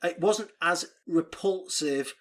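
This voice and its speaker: A man co-hosting a casual film podcast, recapping the plot in an animated, sweary way and putting on quick mock voices. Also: sits high. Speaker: podcast co-host. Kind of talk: casual film review chat.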